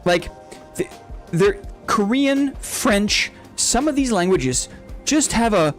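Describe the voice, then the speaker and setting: A man's voice: high-pitched, lively intonation, takes it slowly, faint music behind. A young man hosting a casual live stream who rambles, laughs often and keeps asking "right?". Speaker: game streamer. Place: home streaming setup.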